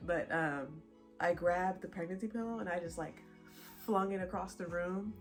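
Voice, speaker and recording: A woman's voice: on the low side, normal speed, soft background music. A young pregnant woman chatting casually to her viewers, laughing often as she tells a story. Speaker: vlogger. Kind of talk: casual chat.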